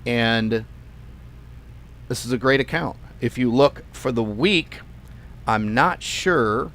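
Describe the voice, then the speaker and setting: A man's voice: medium pitch, slow, fairly bright tone. A man hosting a trading channel talks through his screen in a loose, offhand way. He rambles casually and hammers points by repeating words. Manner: chatty, emphatic repetition, loose and offhand. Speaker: forex trading channel host. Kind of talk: casual live screen-share walkthrough.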